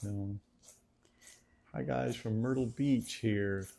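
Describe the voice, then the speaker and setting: A man's voice: medium pitch, slow, gravelly, mellow. A middle-aged man with a slight Southern accent, chatting casually and reading viewer comments aloud on a cooking channel livestream. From United States. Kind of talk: casual live-stream chat.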